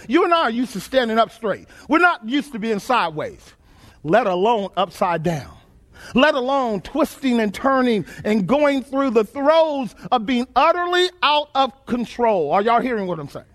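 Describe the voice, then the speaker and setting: A man's voice: very high-pitched, sing-song, normal speed, a bit bright. A man preaching a sermon, emphatic and repetitive, asking his listeners questions and repeating phrases.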